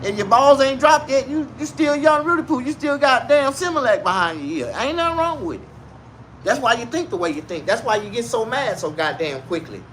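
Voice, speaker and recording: Guy going off on a crude comic rant, high bright voice, bit of hiss behind. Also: a little fast. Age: 40s. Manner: loud, crude, animated street slang. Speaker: vlogger. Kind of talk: casual comedic rant to camera.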